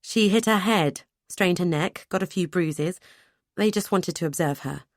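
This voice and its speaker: A woman's voice: on the low side, unhurried, no echo, clean studio sound. A woman voicing a brusque, dutiful adult brother who talks bluntly and matter-of-factly in an audiobook. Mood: curt.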